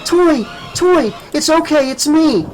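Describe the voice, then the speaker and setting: A man doing a gentle, soothing woman. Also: high-pitched, expressive, a little slow, soft background music, voice pushed up, low-quality recording. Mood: urgent. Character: comforting young woman, tender and shaken. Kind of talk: audiobook character voice.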